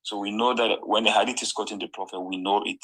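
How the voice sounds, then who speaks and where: A man's voice: fairly low pitch, fairly even intonation, quick pace, fairly bright tone, poor audio. A man arguing in a heated online debate, insistent and exasperated, pressing his point. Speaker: debate caller.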